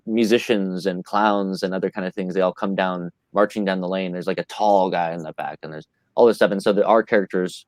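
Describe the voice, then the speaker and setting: An eager man co-hosting a laid-back podcast, talking in a fairly low voice. He keeps calling the others "man." The sound is dry and close, with no room echo. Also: a little mellow. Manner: enthusiastic, calls others "man". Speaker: podcast co-host and magazine publisher. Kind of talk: casual podcast chat.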